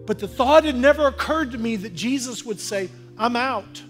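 A man preaching a sermon as pastor in a church, talking earnestly and conversationally, building to forceful exhortation. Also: extremely high pitch, expressive, brisk, faint music behind. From Oklahoma, USA. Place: church sanctuary.

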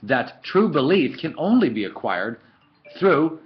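A man's voice: on the high side, big pitch swings, unhurried. A man teaching a philosophy lesson in a casual lecture style, full of fillers and storytelling asides, recorded on a webcam. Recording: dull lo-fi webcam audio.

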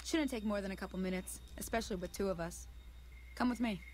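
An actress voicing a brisk, matter-of-fact frontier woman in video game dialogue. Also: mid-range voice, darkish tone, slight background noise, close to an everyday voice. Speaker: game character guiding the player.

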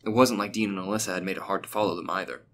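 A man reading a fictional story aloud as a steady, even narrator. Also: sits low, racing.

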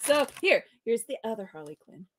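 A woman's voice: a little high, big pitch swings, normal speed. A woman co-hosting a live comics talk stream, giggly and chatty as she reads out viewer messages. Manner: giggly, reads chat aloud, often trails off. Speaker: co-host of a live comics show. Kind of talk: casual live-stream chat.

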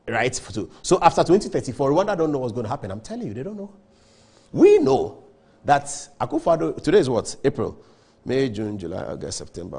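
Man, TV host monologue, husky, lively swooping pitch, rhetorical questions. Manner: animated, rhetorical questioning, repetitive emphasis. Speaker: TV show host. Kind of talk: opinionated studio monologue.

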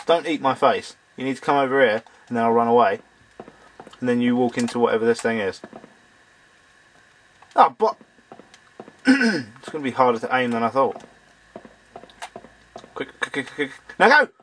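A man doing let's-play commentary, excitable, swearing at the game and talking to its characters, and a bit hoarse as he loses his voice. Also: medium pitch, normal speed, pauses often, a little hiss or hum. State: losing his voice. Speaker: let's player. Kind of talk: gameplay commentary.

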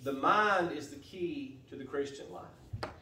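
A man with a fairly high voice preaches a sermon from a church pulpit, going over his points steadily and often repeating a phrase before he carries on. His voice comes from some way off the mic and rings through the roomy church. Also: measured pace, bright, forceful tone, a little hiss or hum. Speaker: pastor. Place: church sanctuary. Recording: echoey church from a distance.

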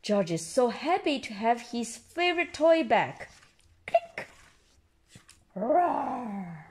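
Slow, sing-song woman reading a storybook. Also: fairly high pitch, background noise. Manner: slow, expressive, pauses to explain to a child. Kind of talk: reading a picture book aloud to a child.

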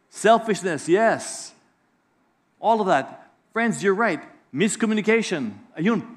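Pastor, middle-aged male, high voice, animated preaching with acted-out voices. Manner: lively preacher, acts out voices in anecdotes. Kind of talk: sermon.

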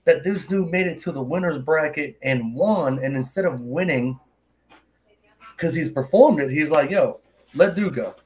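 A man co-hosting a livestream music competition, talking in an animated, exclamatory way. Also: fairly high pitch, moderate pace, slight background noise. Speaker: co-host. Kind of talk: casual livestream banter.

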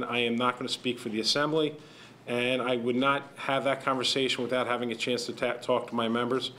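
A man's voice: medium pitch, flat delivery, fairly quick, sharp tone, a little hiss or hum, poor audio. A man giving a guarded, noncommittal interview soundbite as a legislative leader.

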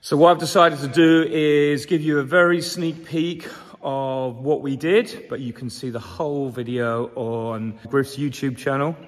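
A man's voice: on the high side, fairly even intonation, normal speed. A middle-aged man hosts a casual beekeeping vlog, upbeat and rambling with plenty of fillers. His throat sounds a little sore. The honey house around him gives his voice a long, ringing reverb. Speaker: commercial beekeeper and channel host.

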